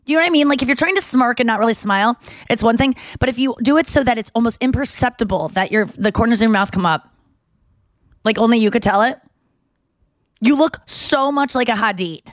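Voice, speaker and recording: A woman's voice: fairly high pitch, brisk, dry recording. A young adult woman co-hosting a podcast, telling candid, crude stories and acting out what people said. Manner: candid, crude storytelling with acted-out quotes. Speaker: podcast co-host. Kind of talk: casual chat.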